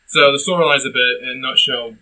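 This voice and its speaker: A young man co-hosting a casual comedic film review, ranting and bursting into shouts. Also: mid-range voice, steady tone, quick pace, poor audio.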